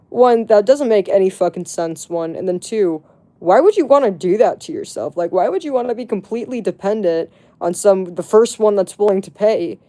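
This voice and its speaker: A woman's voice: medium pitch, warm tone. A woman livestreamer chatting to her viewers, telling a story in a casual way with lots of "like" and swearing. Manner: chatty, heavy on "like" and profanity.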